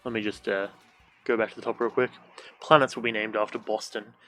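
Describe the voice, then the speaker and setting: A man's voice: fairly low pitch, fairly even intonation, brisk, sharp tone, faint music behind. A young man streaming a video game from a room at home, casual let's-play commentary, joking, swearing and making silly sound effects.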